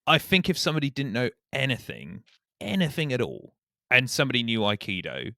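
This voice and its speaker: A man's voice: medium pitch, very animated, fairly quick, creaky, bright, forceful tone, no room sound, clean studio sound. A man co-hosting a podcast, talking in a rambling, sweary casual chat. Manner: rambling, swears, restarts, laughs easily. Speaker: podcast co-host.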